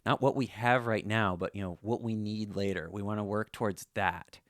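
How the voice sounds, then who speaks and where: A man's voice: lowish voice, fairly even intonation, normal speed, dry recording, clean studio sound. A man giving a casual, conversational guitar lesson, full of "you know" fillers. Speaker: slide guitar teacher.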